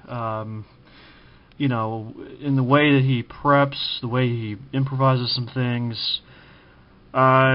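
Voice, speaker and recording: Halting casual man from Kansas, lo-fi. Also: medium pitch. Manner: halting, frequent ums and uhs, self-correcting. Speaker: vlogger ranking TV preppers. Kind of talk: casual spoken commentary.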